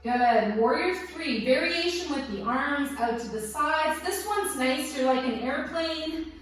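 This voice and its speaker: A woman teaching a guided yoga class, giving gentle, encouraging cues with playful asides, a little out of breath. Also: sits high, expressive, unhurried. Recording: very echoey room, voice from a distance, soft music behind.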